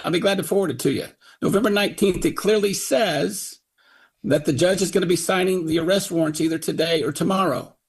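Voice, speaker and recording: A man's voice: sits high, brisk, vocal fry, slightly rough. A middle-aged man, a victim's father, angrily retelling events on talk radio and acting out what others told him. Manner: indignant, quotes others in put-on voices.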